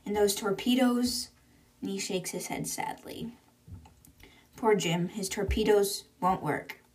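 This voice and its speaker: A woman's voice: medium pitch, takes it slowly, darkish tone. A woman hosting a book podcast, chattily retelling a novel with lots of "and she's like" asides. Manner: chatty, with many "and she's like" and "blah, blah, blah".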